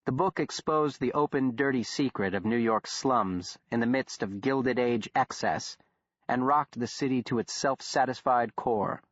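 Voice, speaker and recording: A man narrating a horror audiobook in a steady, even storytelling manner. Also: medium pitch, unhurried, no echo. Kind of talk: scripted narration. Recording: dull, dry studio recording.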